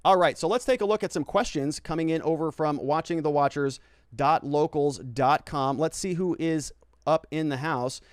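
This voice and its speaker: Chatty lawyer host, dry close sound. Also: male voice, fairly high pitch, normal speed, smooth, dry recording. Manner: conversational, frequent "right?" tags and restarts. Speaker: lawyer and legal commentary host. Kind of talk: casual livestream commentary reading viewer chat.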